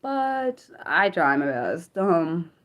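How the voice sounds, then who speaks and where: A woman's voice: fairly low pitch, sing-song, drawn-out words. A woman hosting an unscripted livestream, rambling casually with many fillers and restarts as she answers her chat. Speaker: livestream host.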